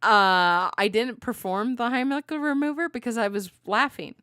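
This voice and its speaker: A woman co-hosting a podcast in casual chat, telling animated stories, acting out quotes and laughing often. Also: on the high side, normal speed, clear, resonant tone, no echo, clean studio sound. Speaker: podcast co-host.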